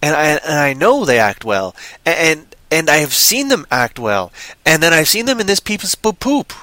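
A man's voice: fairly high pitch, very animated, moderate pace, bright, forceful tone, no room sound. A man ranting sarcastically in casual chat about a movie he disliked. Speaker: movie reviewer.

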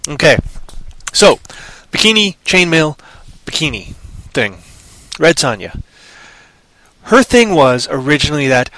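A man's voice: mid-range voice, animated, fairly quick, a bit bright, dry recording. A man hosting a casual comic book show, talking in a chatty, jumpy, playful way and throwing in sound effects. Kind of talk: casual live-stream chat.

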